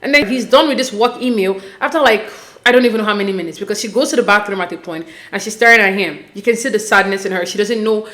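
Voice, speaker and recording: A woman hosts a casual podcast recapping a reality show, talking straight to her viewers with animation and exasperation. Her voice is medium-pitched, fast, and fairly bright.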